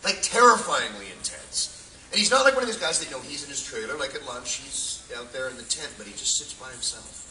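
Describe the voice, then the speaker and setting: A man's voice: medium pitch, animated, brisk, pushed and bright, a little hiss or hum. Man, impressionist, panel story, self-mocking, echoey, distant phone recording. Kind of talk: convention panel anecdote. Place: convention panel room. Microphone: phone in audience.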